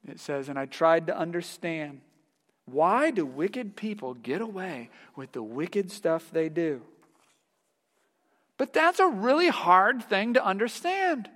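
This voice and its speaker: A male pastor preaching a sermon, telling stories in a lively, animated way and laughing along with them. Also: high voice, big-room sound. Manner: storytelling, laughs heartily while telling anecdotes.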